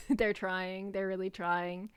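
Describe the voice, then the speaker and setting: A woman's voice: mid-range voice, flat delivery, slow pace, clean tone. A young woman streaming as a VTuber, chatting casually and playfully with her chat, laughing often and swearing freely.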